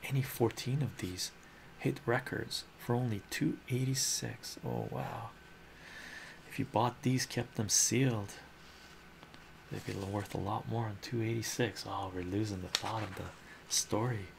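A male host reading a romance comic aloud in an ASMR style, with soft, musing commentary. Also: on the low side, fairly even intonation, unhurried, creaky, slight background noise.

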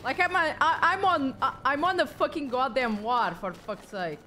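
A woman live-streaming a horror game, with excitable, jokey commentary and plenty of swearing. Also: sits high, moderate pace, a little hiss or hum.

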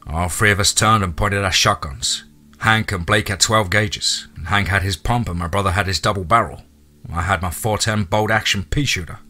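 Low, forceful male horror storyteller. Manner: plain, folksy storytelling. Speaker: narrator. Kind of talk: first-person horror story narration.

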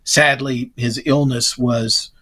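A man's voice: mid-range voice, steady tone, takes it slowly, pushed and bright. A man chatting as a guest on a podcast. He rambles a little, restarting his sentences and letting them trail off. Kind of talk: casual chat.

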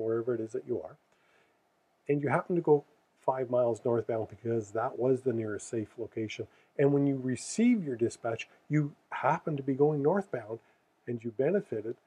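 A man's voice: medium pitch, dark tone, breathy edge, poor audio. A man explaining trucking safety rules in a casual, earnest way, stressing key words and correcting his own slips.

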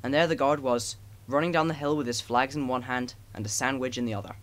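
A man narrating a children's storybook as an audiobook. He reads in a gentle, even storytelling manner, with a voice of ordinary middle pitch. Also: quick pace. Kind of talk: storybook reading.

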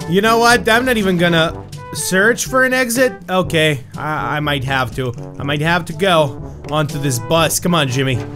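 Young guy yelling over a parkour game, voice jumping all over the place, faint music behind. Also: fairly high pitch, moderate pace. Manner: loud, shouts at his game character; animated, swings from yelling to muttering. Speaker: gaming YouTuber. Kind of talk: excited gameplay commentary.

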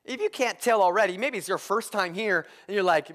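A male pastor preaching a sermon, excitable and prone to shouting with enthusiasm. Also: high-pitched, a little fast. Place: church.

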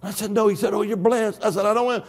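An older man preaching with shouted hallelujahs, acting out dialogue from his story. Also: high voice, steady tone, fast talker. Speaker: guest preacher. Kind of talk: Pentecostal-style sermon.

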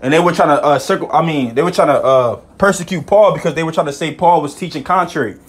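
Casting: man, slightly higher voice, informal bible teacher, excitable, casual filler talk. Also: husky. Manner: casual, repeats "man" and "you know"; reads verses slowly, excitable.

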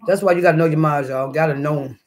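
A man's voice: on the high side, fairly even intonation, fast. A man hosting a casual live stream, chatting and reading the chat aloud as he eats breakfast, laughing often. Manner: laughs often, with sudden loud outbursts.

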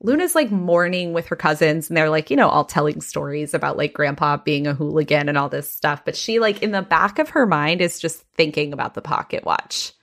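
Low-voiced woman podcast host. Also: a little fast, hardly any pauses. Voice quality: frequent "like" fillers, animated retelling. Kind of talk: casual storytelling chat.

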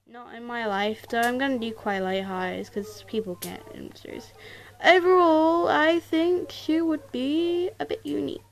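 A woman doing casual let's-play commentary to her viewers, excitable, exclaiming and mildly swearing, recorded on a tablet. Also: sits high, unhurried. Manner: talks straight to viewers. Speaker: gaming YouTuber.

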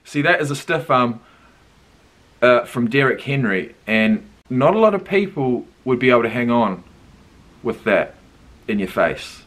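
A young man with a New Zealand accent, hosting a casual reaction video and thinking aloud with lively surprise. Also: mid-range voice, measured pace. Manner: animated, thinks aloud, laughs and swears in surprise.

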